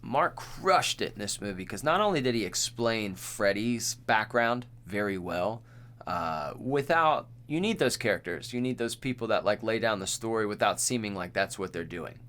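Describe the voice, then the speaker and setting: A man's voice: fairly low pitch, expressive, normal speed, a bit bright. A man co-hosting a podcast in casual chat, laid-back, laughing often and quoting lines. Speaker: podcast co-host.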